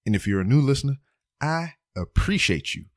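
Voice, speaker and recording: A man's voice: mid-range voice, very animated, a little fast, no room sound, studio quality. A man hosting his own podcast from home, rambling in a playful, casual way with joking asides. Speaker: podcast host. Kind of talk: casual solo podcast monologue.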